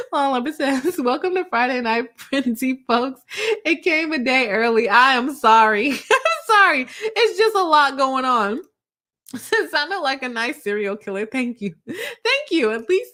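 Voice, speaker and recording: A woman's voice: fairly high pitch, fairly bright tone. A woman hosting a casual live stream, reading out viewer comments and laughing often between her remarks.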